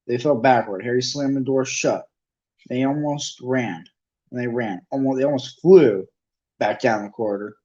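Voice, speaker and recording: A man's voice: mid-range voice, moderate pace, mellow. Guy reading a book aloud, casual with slips, muffled lo-fi audio. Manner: unpolished, with restarts and asides. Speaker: reader. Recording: dull lo-fi recording.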